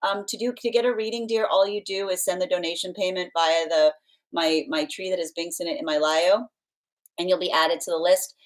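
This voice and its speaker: A woman's voice: on the low side, fairly even intonation, fairly quick, rough recording. A woman hosting a live tarot reading stream, chatting casually, reading out viewer comments and laughing often, sometimes playfully stern and motherly. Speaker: tarot reader hosting a livestream. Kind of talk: casual livestream chat.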